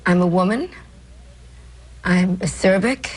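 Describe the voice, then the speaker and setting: A woman's voice: on the low side, takes it slowly, breathy edge, rough recording. An older woman, a comedian with a New York accent, telling stories in an interview with brash, self-mocking asides. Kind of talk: interview storytelling.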